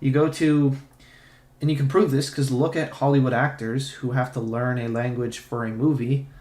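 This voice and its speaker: A man's voice: medium pitch, level tone, normal speed, darkish tone. A young man streaming, giving casual, profane and sarcastic commentary in a ranting tone. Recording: roomy echo.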